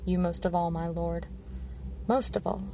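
A woman's voice: on the low side, fairly even intonation, moderate pace, creaky, dark tone, slight background noise. A woman reading the part of a blunt, honest city guard commander, speaking steadily.

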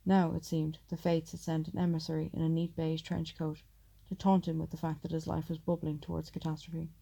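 Dark, gravelly-voiced woman narrating an audiobook. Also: low voice, completely flat delivery, brisk.

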